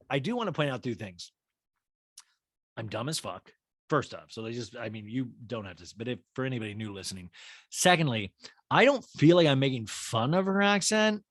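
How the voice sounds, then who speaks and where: A man hosting a comedic TV recap podcast, rambling with quick self-mocking asides. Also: medium pitch, expressive, fairly bright tone, dry recording. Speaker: podcast host.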